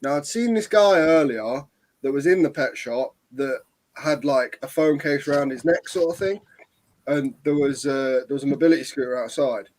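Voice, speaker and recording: A young man, rambling through a story with lots of pauses in casual chat. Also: medium pitch, a little mellow, low-quality recording. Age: young adult. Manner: rambling, lots of ums and likes.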